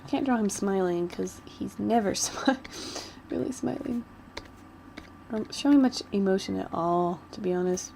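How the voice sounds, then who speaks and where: Gravelly-voiced woman gushing about anime. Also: mid-range voice, unhurried, darkish tone, a little hiss or hum, low-quality recording. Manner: giggly, rambling, gushing fan. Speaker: vlogger. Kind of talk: casual chat while doodling.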